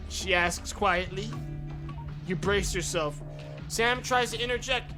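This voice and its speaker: A man streaming a game with a high, bright voice. He reads the narration aloud and breaks into profane rants, sometimes shouting. Faint game music plays behind him. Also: normal speed. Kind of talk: casual let's play commentary.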